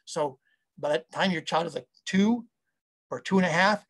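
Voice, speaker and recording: A man in his fifties, an audio software engineer, chatting casually in an interview and rambling enthusiastically as he interrupts himself. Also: high voice, normal speed.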